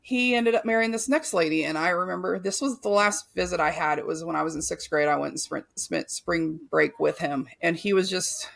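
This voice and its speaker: A woman's voice: fairly low pitch, a little fast, gravelly, few pauses, fairly bright tone. A woman guest on a podcast, telling a painful personal story candidly and bluntly, with frequent swearing and filler words.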